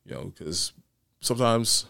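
A man's voice: on the low side, big pitch swings, measured pace, vocal fry, bright, forceful tone, no echo, studio quality. A man who is a county court judge, chatting casually in a long, rambling way with many restarts. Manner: rambling, many restarts and "you know" fillers. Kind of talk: casual podcast conversation.

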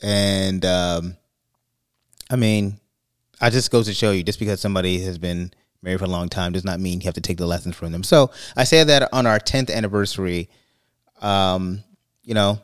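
Man, very low voice, dry sound, rambling storyteller, podcast co-host. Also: normal speed, clean tone, no echo. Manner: rambling, restarts and fillers, animated when quoting. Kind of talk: casual chat, storytelling.

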